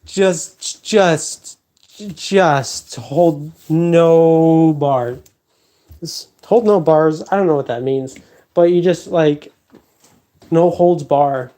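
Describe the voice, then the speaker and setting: Slow-talking man ranting casually. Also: on the high side, dark tone. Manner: repetitive, emphatic, half-joking rant. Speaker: live stream host. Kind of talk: rambling casual monologue.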